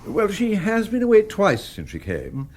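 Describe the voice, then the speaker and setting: An actor playing a mild, fussy husband who hesitates, stammers and tries to placate. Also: male voice, high voice, huge pitch swings, a little slow, darkish tone, exaggerated voice. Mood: placating. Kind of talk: radio drama acting.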